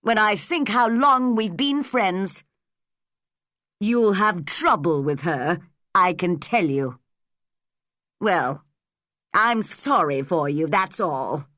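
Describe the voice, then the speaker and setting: A meddling older village gossip from a storybook reading, as a woman narrator puts her on, blunt and disapproving. Her pitch rises and falls a lot, and she speaks slowly. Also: lively intonation, a bit bright, no room sound, clean studio sound.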